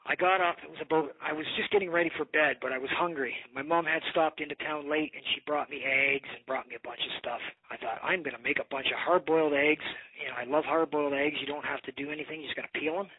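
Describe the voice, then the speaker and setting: A man's voice: fairly high pitch, steady tone, fast talker, hardly any pauses, slightly rough, no room sound. A man telling a long rambling story in a casual phone conversation, swearing now and then. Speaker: bow maker. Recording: tinny phone line.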